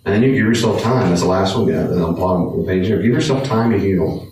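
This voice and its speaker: Low-voiced man teaching a casual Bible study, earnest, heard from a distance in a very echoey room with faint noise. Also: fast talker, darkish tone. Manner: earnest, repeats points for emphasis.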